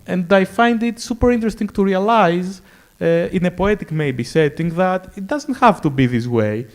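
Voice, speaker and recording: A man speaking on a panel at a round-table discussion, enthusiastic and arguing his point in quick bursts. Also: high voice, expressive.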